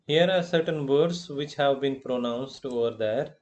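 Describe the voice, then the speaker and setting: Slow, deliberate Indian English lecturer. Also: male voice, medium pitch, darkish tone, dull audio, slight background noise. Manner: slow and deliberate, repeating terms with filler phrases. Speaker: college lecturer. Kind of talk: recorded classroom lecture.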